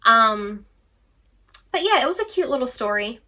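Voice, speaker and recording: A young woman book vlogger chats casually about books she has read, rambling with playful asides. Her voice is a little high, sing-song, and sharp, at a moderate pace.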